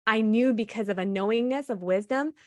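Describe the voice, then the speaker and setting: A woman's voice: on the high side, brisk, dry recording, studio quality. A woman, a guest in an interview, telling her personal story with animation and acting out what she and others said. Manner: animated, often acts out her own past dialogue; laughs between phrases.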